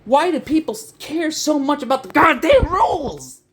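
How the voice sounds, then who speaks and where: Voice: high-pitched, expressive, moderate pace, fairly bright tone, slight background noise. A young adult video essayist ranting in a frustrated, profane, rambling way, with many restarts. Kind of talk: ranting commentary.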